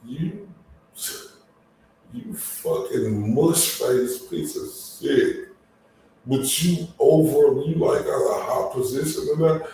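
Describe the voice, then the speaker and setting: A man's voice: medium pitch, warm tone. Cursing man ranting in an echoey room. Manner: angry, heavy swearing, drawn-out complaints. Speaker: online commentator. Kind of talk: profane ranting commentary. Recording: very echoey room, far from mic, faint noise.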